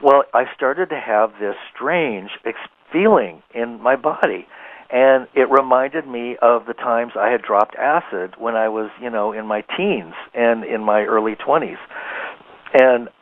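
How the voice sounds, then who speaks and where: A man talking as a guest on a radio show, telling a rambling, animated story and laughing easily. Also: mid-range voice, unhurried, dry recording. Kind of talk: casual radio interview storytelling. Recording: tinny phone line, dry.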